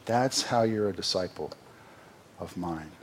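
A man's voice: low-pitched, a little slow, slight background noise. A man preaching a sermon as pastor, earnest, with sarcastic asides and emphatic rises.

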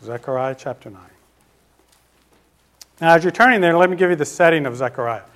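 Slowing down whenever he wants to stress a key word, a man preaches in a slightly high, fairly bright voice, posing questions to listeners and answering them himself.

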